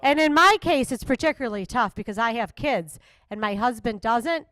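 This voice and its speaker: A woman's voice: a little high, animated, normal speed, fairly bright tone. A woman headlining a comedy show with dry, sardonic stand-up on stage. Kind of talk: stand-up set.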